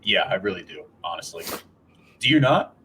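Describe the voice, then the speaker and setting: A man's voice: low voice, very animated, moderate pace, sharp tone, a little hiss or hum, rough recording. A man co-hosting a podcast in casual sports chat, rambling with restarts, swearing and laughing. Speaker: podcast co-host.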